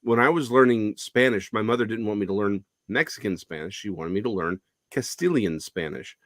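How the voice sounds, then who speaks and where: Chatty male guest, animated, low-ish voice, dry close sound. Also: a little fast, no room sound. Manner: lively, talkative, frequent self-corrections. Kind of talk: casual conversation.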